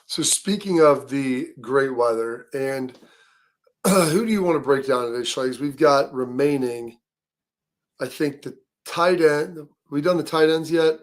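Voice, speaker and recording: A man's voice: medium pitch, unhurried. A man hosting a casual sports talk show, telling stories in a rambling way with many fillers and restarts. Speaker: show host.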